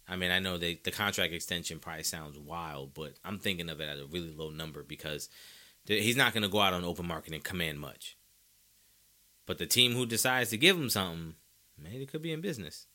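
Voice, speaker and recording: A man's voice: low voice, animated, a little fast, pushed and bright. A man hosting a sports podcast, giving emphatic, opinionated commentary straight to his listeners.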